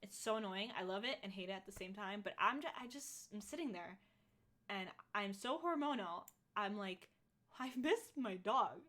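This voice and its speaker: A woman's voice: medium pitch, lively intonation, normal speed, a bit bright. A woman in her twenties co-hosting a podcast, chatting casually and rambling with lots of fillers. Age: 20s. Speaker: podcast co-host. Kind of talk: casual chat.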